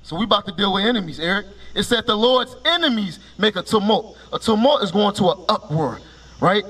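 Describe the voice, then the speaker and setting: High-voiced male street preacher. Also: animated, a little fast, a bit bright. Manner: commanding, calls for each scripture reading with a curt "Read", then explains it; quizzes listeners with repeated "right?" and rhetorical questions. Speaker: street preacher teaching passers-by. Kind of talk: street preaching with questions to listeners.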